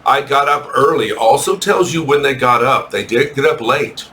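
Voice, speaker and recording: A man teaching an English lesson to young children, reading a textbook aloud slowly and correcting his own slips. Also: mid-range voice, pushed and bright. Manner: slow, patient, reads text aloud and corrects himself.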